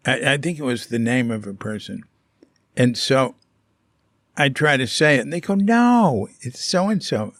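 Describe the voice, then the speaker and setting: A man vlogging about his life abroad, telling a casual story in a rambling, halting way full of fillers and restarts. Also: mid-range voice, a bit bright, dry recording, clean studio sound.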